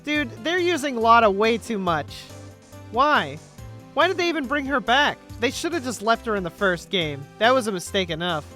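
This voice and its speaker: A woman's voice: fairly high pitch, sing-song, normal speed, fairly bright tone. A woman streamer chatting bluntly and jokingly while reading a game, with faint game music behind. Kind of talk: casual game commentary.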